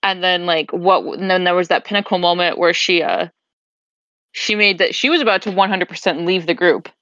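A woman's voice: lowish voice, steady tone, a little fast, a bit bright, dry recording. A woman casually recapping a tabletop game on a podcast, rambling and restarting sentences as she remembers. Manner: rambling, restarts sentences while recalling events. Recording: slightly muffled dry recording.

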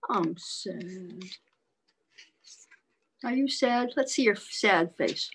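A woman's voice: mid-range voice, very slow, long pauses, a bit bright, slightly rough, low-quality recording. A woman reading a children's picture book aloud, acting out each emotion playfully for young kids. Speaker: children's storyteller.

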